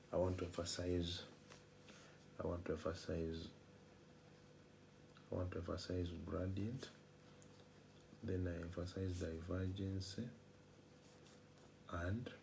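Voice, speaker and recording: Male lecturer explaining math, deep and gravelly, repetitive with rhetorical questions. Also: darkish tone, a little hiss or hum. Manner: repeats phrases, asks rhetorical "what?" questions.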